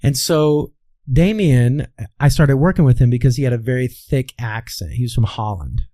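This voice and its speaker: A man's voice: mid-range voice, normal speed, dark tone, dry recording. A man from Kansas, working as a voice coach, talking through stories in an interview and often checking in with "all right". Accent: Midwestern American, softened. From Kansas, USA. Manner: explains with anecdotes, says "all right" often. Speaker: voice coach guest. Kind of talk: conversational interview.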